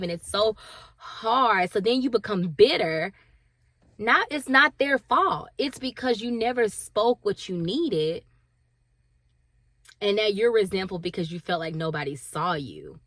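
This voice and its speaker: A woman's voice: mid-range voice, expressive, measured pace, fairly bright tone, no echo. A woman in her thirties, a stay-at-home mom, talking candidly and emotionally to camera, laughing at herself and acting out her inner voices. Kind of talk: candid confessional talk to camera.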